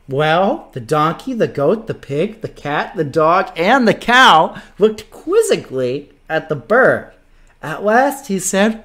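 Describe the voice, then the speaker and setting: A man reading a picture book aloud to children, playful and animated, stopping to make animal noises. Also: high voice, takes it slowly. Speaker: children's story reader.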